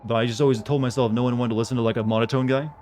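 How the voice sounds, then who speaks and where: A male game streamer chatting casually with his viewers in a dry, flat monotone. His voice sits at an ordinary middle pitch, with faint background noise. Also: very fast.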